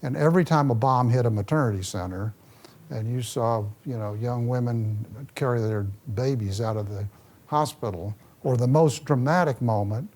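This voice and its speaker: A man, a former ambassador, giving a public talk and answering questions, with lively storytelling and a restless manner. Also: medium pitch, normal speed. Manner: animated storytelling, restless, moves around.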